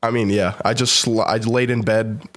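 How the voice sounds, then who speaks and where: A young man with a stuffy, congested voice talks through a casual podcast chat. He is laid-back, swears freely and laughs easily, keeping his tone relaxed even while sick. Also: lowish voice, normal speed. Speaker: podcast co-host. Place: not in the studio.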